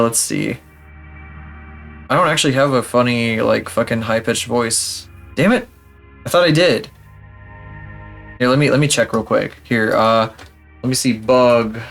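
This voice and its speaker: Young male streamer, casual mid-pitch voice, loose and profane, light music underneath. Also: gravelly. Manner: rambling, profane and self-mocking. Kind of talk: casual live-stream chat.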